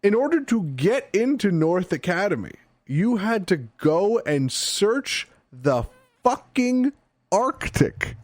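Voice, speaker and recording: Animated young man with lively pitch. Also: slow pace, dry recording. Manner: animated, swearing, big laughs. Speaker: podcast co-host. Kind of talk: casual chat.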